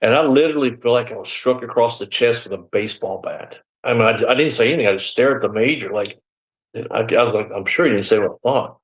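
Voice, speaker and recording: On a rough recording, a man with a mid-range voice talks fast as he recalls his time as a deputy. He's in his sixties and speaking in a live interview. His account meanders a little, full of "you know" and "man," and he acts out the exchanges between the people he quotes.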